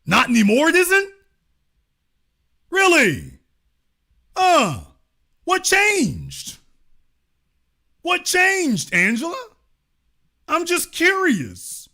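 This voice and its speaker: A man's voice: very high-pitched, wildly swooping pitch, drawn-out words, long pauses, bright, forceful tone. A middle-aged man hosting an online show, giving sarcastic political commentary full of mocking, theatrical rhetorical questions.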